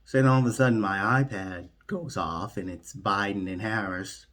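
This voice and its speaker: A comedian telling an absurd story in a lively way, jumping in and out of quoted voices. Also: male voice, fairly low pitch, moderate pace. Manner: animated, jumps into quoted voices. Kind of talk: comic storytelling.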